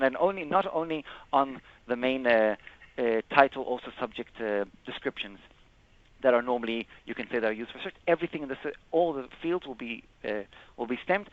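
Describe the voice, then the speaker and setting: Male trainer, mid-range voice, halting explanatory delivery with many self-corrections; dull, lo-fi webinar recording. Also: mid-range voice. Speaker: software trainer presenting a webinar. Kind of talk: live screen-share product demo.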